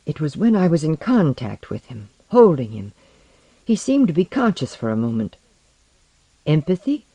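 Male narrator, audiobook, expressive, lively pitch, mellow, dry close sound. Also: no room sound, rough recording. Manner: expressive, dramatic reading.

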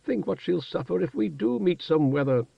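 A man reading the part of a firm, no-nonsense middle-aged woman in an audiobook, brisk and then quietly tender. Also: on the high side, expressive, creaky, breathy edge, dry recording, lo-fi sound, voice pushed up, heavily acted. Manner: firm, brisk, scolding then softly warm.

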